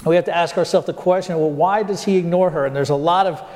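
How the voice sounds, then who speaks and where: A man with a fairly high voice delivers a sermon as pastor, recorded in a church with a long reverb. He puts questions to his listeners and draws out key words for emphasis. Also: a little mellow. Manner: asks the congregation rhetorical questions, slows down for emphasis.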